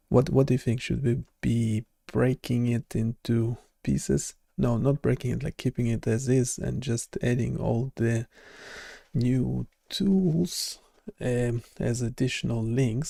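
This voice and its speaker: A man's voice: mid-range voice, gravelly, warm tone, no echo, clean studio sound. A man hosting a live development stream, chatting casually and hesitantly with an AI assistant. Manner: hesitant, restarts often, talks to an AI assistant.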